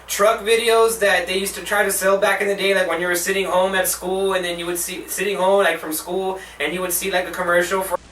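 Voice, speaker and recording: In a high-pitched voice with little pitch movement, a young man reviews a movie on his own show, talking a little fast with few pauses over a noisy background. He rambles and swears, saying "like" constantly and breaking into exasperated outbursts; the mic sits at a distance, giving roomy echo.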